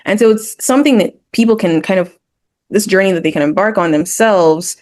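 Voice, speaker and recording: A woman's voice: medium pitch, fairly quick, darkish tone. A woman with a mid-range voice talks through emotional health in an explanatory way. She lays out her ideas in numbered points and drops into short quoted voices to illustrate them. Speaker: therapist guest. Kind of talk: educational discussion.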